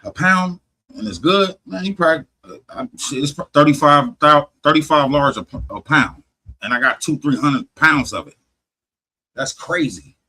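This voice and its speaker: Male podcast host, bright and husky, loose profane storyteller. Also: on the high side, normal speed, rough recording. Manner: animated, swears heavily, restarts often.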